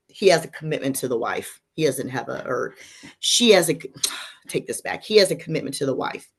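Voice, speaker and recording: Low voiced woman cohost, aave, takes her time, gossipy candid stories. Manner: candid, storytelling, drops to a whisper for gossip. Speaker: podcast co-host. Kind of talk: casual chat.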